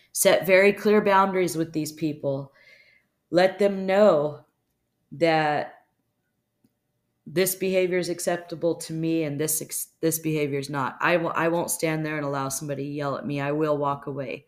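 A woman hosting an advice show, speaking bluntly and calmly, with casual swearing, as she answers a listener's question. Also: low voice, moderate pace. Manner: calm, steady, instructive. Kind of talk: advice monologue.

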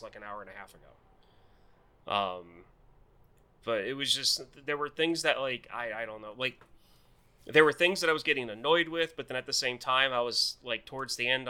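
A man's voice: mid-range voice, sharp tone, clean tone. A man co-hosting a casual movie podcast, rambling through his review with many fillers and restarts. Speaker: podcast co-host.

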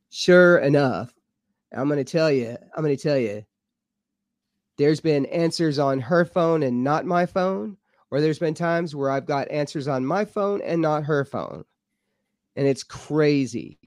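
Guy rambling excitedly about his ghost stuff, kinda high voice, dry close sound. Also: measured pace, dry recording. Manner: excitable, rambling, repeats himself. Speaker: podcast guest, paranormal researcher. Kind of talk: animated storytelling. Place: home studio.

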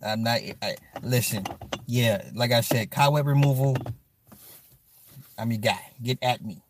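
A man hosting a livestream who chats casually with his viewers, animated and profane, laughing often and answering them by name. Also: mid-range voice, unhurried, noisy background. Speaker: livestream host. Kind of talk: casual stream chat.

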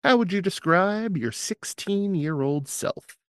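A woman's voice: lowish voice, a little slow, clear, resonant tone, no echo, studio quality. A woman hosting an interview, reading out numbered questions and joking with her guest. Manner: lively, jokey, reads numbered questions. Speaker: interview host.

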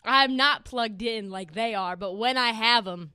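A woman hosts a casual sports podcast, brash and boastful, laughing as she talks. Her voice sits high and sounds bright and forward. The recording is dry and close. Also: a little slow, smooth, no room sound. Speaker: podcast host.

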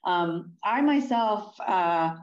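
A woman from Pennsylvania, speaking as a guest in an interview, thoughtful and halting with many fillers. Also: medium pitch, animated, highs cut off. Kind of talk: conversational interview answers.

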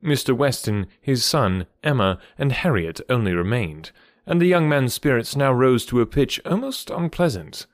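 Man narrating with lively pitch. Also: normal speed, hardly any pauses, no room sound, clean studio sound. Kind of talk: audiobook narration of a classic novel.

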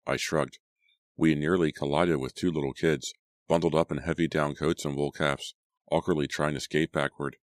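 A man narrating an audiobook in a steady, even storytelling manner. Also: rumbling low, moderate pace, dry recording, clean studio sound.

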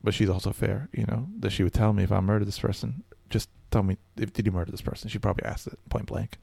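A man's voice: on the low side, little pitch movement, quick pace, gravelly, warm tone, husky, dry recording. A man telling a comedic story in casual chat, rambling and hesitant, with stammering restarts. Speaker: storyteller guest.

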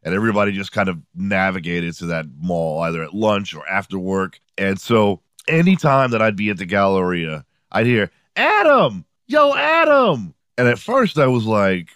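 A man in his forties hosts a podcast with rambling, profane comedic stories and a sardonic edge. His voice sits on the low side. The sound is dry and close. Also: expressive, normal speed, hardly any pauses, smooth, no echo. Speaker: podcast host. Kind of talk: comedic storytelling monologue.

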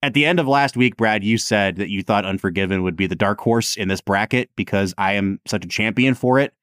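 A man's voice: fairly low pitch, brisk, fairly bright tone, no room sound, studio quality. A man co-hosting a podcast, chatting casually about films with lots of fillers. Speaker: podcast co-host.

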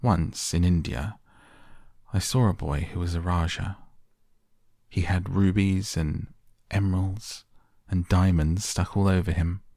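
A blunt, curious little girl from a storybook, telling things plainly and matter-of-factly, as a man reads her. The voice stays low with a gravelly grain, close and dry. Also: steady tone, unhurried, mellow, no room sound, full character voice. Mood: earnest.

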